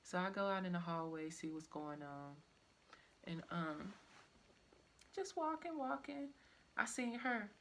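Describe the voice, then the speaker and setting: A young woman tells a personal story in a casual, rambling manner, scattering "like" and "I'm like" asides throughout. Her low-leaning voice is expressive and fairly bright, with a measured pace, long pauses, and slight background noise.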